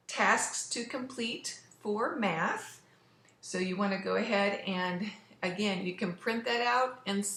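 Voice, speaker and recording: A woman's voice: medium pitch, sharp tone. A woman teacher giving remote class instructions, patiently explaining step by step. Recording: roomy echo.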